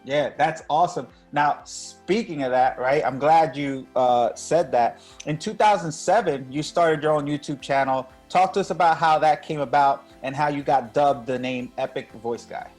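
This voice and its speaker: A man's voice: a little high, moderate pace, few pauses, a little mellow, soft background music. A man hosting a casual interview and encouraging his guest in an upbeat way. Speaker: host.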